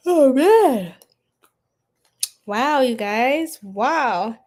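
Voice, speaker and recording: Woman, livestream tarot host, giggly, excitable, unhurried delivery. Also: sits high. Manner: bubbly and giggly, laughing often; gasps and squeals with excitement. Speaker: tarot reader hosting a livestream. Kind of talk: live chat with viewers.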